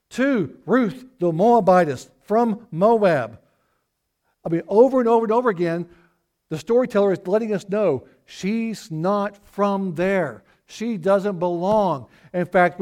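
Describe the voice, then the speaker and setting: Earnest Southern pastor preaching. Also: male voice, high voice, a little mellow. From Arkansas, USA. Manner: earnest storytelling, repeats words when restarting. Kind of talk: sermon.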